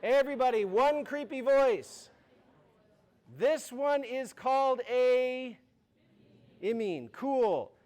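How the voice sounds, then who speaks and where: Creepy, slow-drawling announcer, put on by a male lecturer; pitched high. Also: lively intonation, darkish tone, exaggerated voice. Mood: eerie. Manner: slow, drawn-out, raised pitch. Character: creepy-voiced announcer of chemical names.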